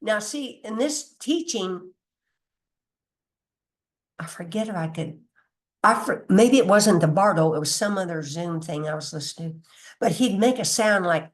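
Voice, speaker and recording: A woman's voice: fairly low pitch, measured pace. Chatty, emphatic woman spiritual teacher. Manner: chatty and emphatic, laughs often, mild cursing; loses her place and restarts, reads from notes.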